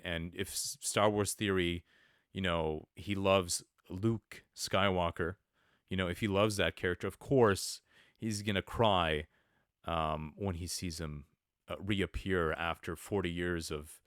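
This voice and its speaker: Brief: male podcast host, very low smooth voice, rambling sarcastic commentary. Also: fairly bright tone, no echo, studio quality. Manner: rambling, many fillers, sarcastic asides. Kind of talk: casual commentary monologue.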